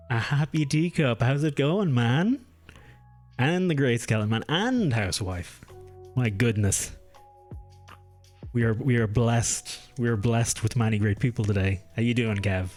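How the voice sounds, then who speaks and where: A young man chats loosely with his audience, stopping and restarting his sentences and drifting from one tangent to the next. Music plays quietly under his voice. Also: mid-range voice. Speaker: streamer. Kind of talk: casual live-stream chat. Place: home room.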